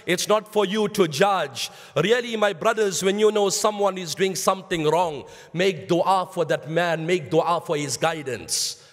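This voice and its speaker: A high-pitched man with a South African accent delivers a sermon, telling stories and calling his listeners brothers while slipping in Arabic phrases. His voice rings through the long reverb of a mosque hall. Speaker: Islamic lecturer.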